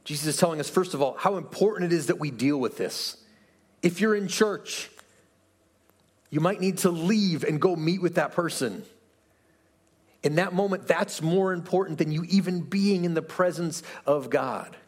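Man, pastor, sermon in church, earnest conversational preaching, rhetorical questions, slightly high voice. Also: moderate pace, slightly rough. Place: church sanctuary.

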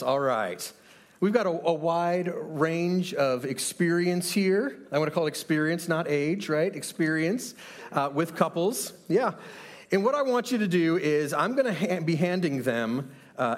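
A man leading a sermon opening from a church stage, chatty and upbeat, laughing often as he runs a game with the congregation on a handheld microphone. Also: on the high side. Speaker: pastor.

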